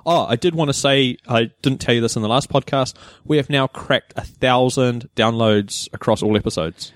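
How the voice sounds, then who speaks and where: A man's voice: medium pitch, normal speed, no room sound. A man from New Zealand co-hosting a casual podcast, who steers the talk and teases his co-host. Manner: teasing, dry, steers the conversation. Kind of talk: casual chat.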